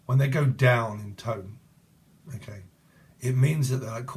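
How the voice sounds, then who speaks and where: Slow-talking crude tarot reader. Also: male voice, medium pitch, a little hiss or hum. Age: 40s. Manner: crude, swearing, jokey and digressive. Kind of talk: rambling tarot reading monologue.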